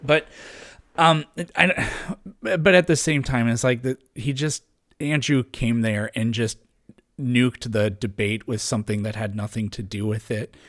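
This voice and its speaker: A man's voice: fairly low pitch, a bit bright, no echo, clean studio sound. A man talking casually as a podcast guest, rambling with many restarts and fillers. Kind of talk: casual conversation.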